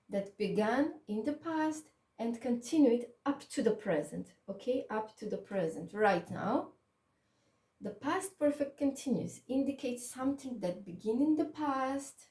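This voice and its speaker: Woman English teacher, non-native speaker, slow and patient, higher voice, echoey room with the mic at a distance. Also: warm tone. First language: Macedonian. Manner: slow, patient, repeats "okay?" to check understanding; non-native English with small grammar slips. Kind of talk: online grammar lesson.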